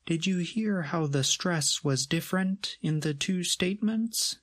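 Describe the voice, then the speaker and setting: A man narrating a scripted grammar lesson in a measured, explanatory way. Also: sits high, fairly bright tone, no room sound, clean studio sound. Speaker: grammar teacher.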